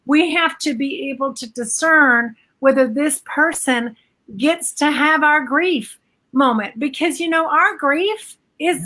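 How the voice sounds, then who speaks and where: A middle-aged woman speaks as a guest in a relaxed live-stream chat. Her voice is high and bright, and she talks haltingly, often stopping to restart her sentences.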